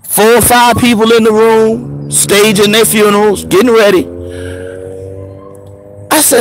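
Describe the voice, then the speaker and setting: A man in his thirties telling a story in a casual, profane monologue, laughing often and swinging between preacher-like highs and murmurs. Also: steady tone, a little slow, long pauses, soft background music. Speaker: show host.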